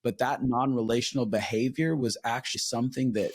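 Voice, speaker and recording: A man's voice: medium pitch, steady tone, brisk, dry recording, clean studio sound. A man who works as a marriage counselor, explaining his ideas earnestly in a casual podcast conversation and acting out what his clients say.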